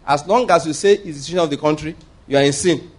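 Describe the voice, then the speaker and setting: A man's voice: on the high side, quick pace, slightly rough. A man preaching a sermon, emphatic and repeating his points, asking the congregation rhetorical questions. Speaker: pastor.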